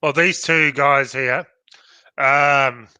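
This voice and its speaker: A man's voice: mid-range voice, fairly even intonation, drawn-out words, bright, forceful tone, clean tone, dry recording. An Australian man co-hosting a livestream podcast, talking in a sarcastic, mocking way. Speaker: podcast co-host. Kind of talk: casual livestream chat.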